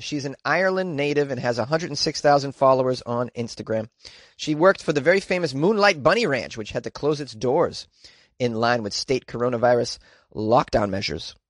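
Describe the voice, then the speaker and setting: A male comedian reads odd news stories and keeps breaking off to mock the wording. His voice sits at a middling pitch, and the recording is dry and close with no room sound. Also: dry recording. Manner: wry, sarcastic asides. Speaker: comedian podcast host.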